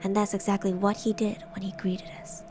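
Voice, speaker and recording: A young woman streamer narrating horror stories in a soft, hushed semi-ASMR style, with giggly asides. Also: medium pitch, flat delivery, fairly quick, over music.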